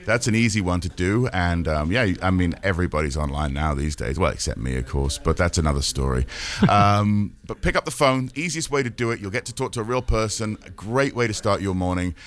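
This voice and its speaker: A man's voice: sits low, expressive, fairly quick. A man with an English accent, co-hosting a radio pledge drive in a joking, chatty way and repeating the call-in number. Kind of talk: casual radio pledge pitch. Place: radio studio.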